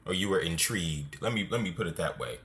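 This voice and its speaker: A man's voice: deep voice, animated, fast talker, a bit bright. A man commenting on a clip in a lecturing, dismissive way, then telling it to go on.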